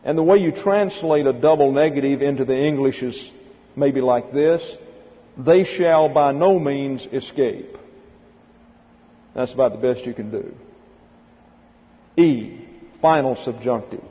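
Speaking at medium pitch and a moderate pace, this man teaches Greek grammar in a careful classroom style, spelling each word out one letter at a time. He's a Bible teacher, captured in a murky lo-fi recording drenched in long hall reverb.

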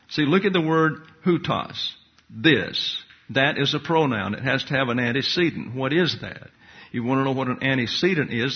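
A man with a slightly husky voice teaches scripture point by point, methodical and deliberate as he parses each word. The recording sounds dull and muffled, like an older lo-fi tape. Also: mid-range voice. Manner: methodical, enumerating points and parsing Greek words. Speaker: bible teacher. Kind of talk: expository Bible teaching.

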